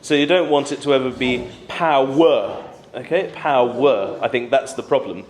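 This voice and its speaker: A man, coaching singers through a diction workshop in a calm, encouraging way. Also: medium pitch, quick pace. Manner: patient, encouraging coaching with sung demonstrations. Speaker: choir director leading a diction workshop. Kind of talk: singing workshop instruction. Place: hall at a conference. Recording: echoey hall.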